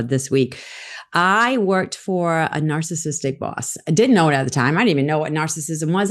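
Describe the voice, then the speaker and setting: A middle-aged woman, a podcast guest, telling a story in conversation and acting out the lines she quotes. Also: sits low. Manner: animated, acts out quoted lines.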